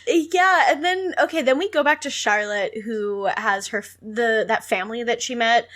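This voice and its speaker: A woman's voice: on the high side, moderate pace, a bit bright. A woman co-hosting a podcast in casual chat, playful, laughing a lot and using online slang. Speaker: podcast co-host.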